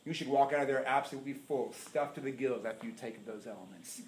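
A middle-aged man preaching a sermon as pastor, telling stories with big swings between loud and hushed. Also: medium pitch, quick pace, slight background noise. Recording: echoey room.

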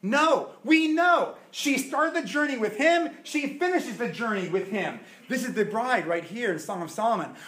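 A man preaching a sermon as a pastor, emphatic, with dramatic pauses and swings between loud and soft. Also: very high voice, animated. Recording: echoey room.

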